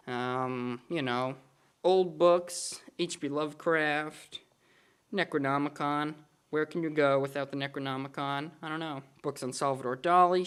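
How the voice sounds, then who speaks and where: A man's voice: on the high side, a bit bright, roomy sound. A young man giving a casual, enthusiastic tour of his puppets and posters, playful and rambling. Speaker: puppet animator showing his work. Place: room at home with posters and puppets.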